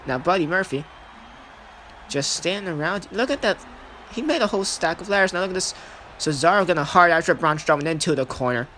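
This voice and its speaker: A young man doing excited play-by-play commentary over a wrestling video game, repeating himself and shouting at the big moments. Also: sits high, a little hiss or hum.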